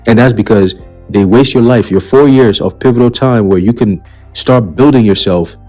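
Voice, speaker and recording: Low-voiced man ranting on his own channel. Blunt, profane, preachy, faint music underneath. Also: moderate pace, darkish tone. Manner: blunt, profane and heated, repeats "okay?" as a tag; preacherly, warns of coming doom. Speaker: commentary channel host. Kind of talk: ranting commentary on a list of news items.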